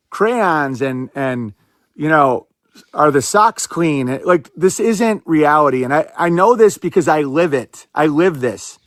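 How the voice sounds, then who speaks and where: Brief: male podcast host, slightly higher voice, sarcastic rapid-fire commentary, dry close sound. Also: fairly bright tone, dry recording. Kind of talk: casual political commentary.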